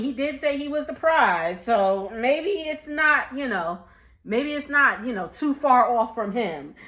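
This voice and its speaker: A woman, giving a sassy, animated casual recap and talking back to the people on screen. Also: a little high, reverberant. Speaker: recap vlogger.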